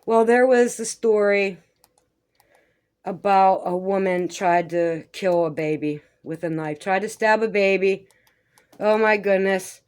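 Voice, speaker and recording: A woman's voice: mid-range voice, a little slow, a little mellow, clear, resonant tone. A woman giving rambling, conspiratorial commentary over a video as a vlogger. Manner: rambling, conspiratorial, swears casually.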